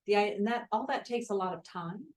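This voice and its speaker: A woman's voice: medium pitch, fast, darkish tone. A woman hosting the session, chatting casually and sharing everyday stories with the guest. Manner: chatty, anecdotal storyteller. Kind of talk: casual chat.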